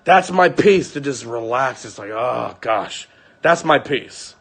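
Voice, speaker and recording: A young man venting to his viewers in an angry, profane, unscripted rant that comes in rapid bursts. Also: medium pitch, lively intonation, a bit bright, husky.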